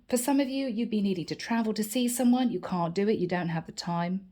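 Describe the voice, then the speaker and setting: A woman's voice: medium pitch, fairly quick, hardly any pauses, warm tone. A woman giving a chatty channeled tarot reading, reassuring her viewers and acting out their little everyday grumbles. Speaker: tarot reader.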